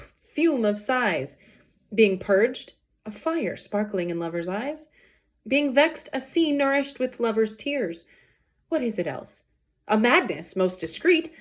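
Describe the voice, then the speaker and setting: A woman reading the lines of a brooding, lovesick young man in old verse, her pitch lifting as she reads.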